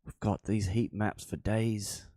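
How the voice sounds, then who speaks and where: Slow, playful man hosting a livestream. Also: on the low side, fairly even intonation, warm tone, no echo, clean studio sound. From Southern United States. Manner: playful, joking, laughs often. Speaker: livestream host. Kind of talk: casual livestream chat.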